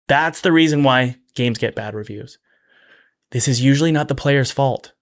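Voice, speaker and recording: A man hosting a casual commentary video about game development. He talks in an energetic, chatty way, with restarts and quick asides, and repeats key phrases for emphasis. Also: mid-range voice.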